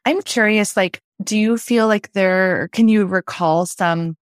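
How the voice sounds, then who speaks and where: A woman's voice: medium pitch, unhurried, clear, resonant tone, dry recording, clean studio sound. A woman hosting a podcast, asking questions in a chatty, encouraging way with plenty of filler words. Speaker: podcast host. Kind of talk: casual interview talk.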